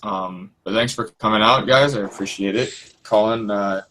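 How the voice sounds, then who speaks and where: Relaxed low-voiced podcast host. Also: male voice, normal speed, a little hiss or hum, low-quality recording. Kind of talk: casual podcast wrap-up.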